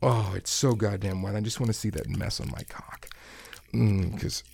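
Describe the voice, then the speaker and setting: A man playing a domineering, crude male kitchen coworker in an adult audio role-play, taunting and commanding in a husky voice with breathy asides. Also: lowish voice, steady tone, moderate pace, darkish tone, slight background noise.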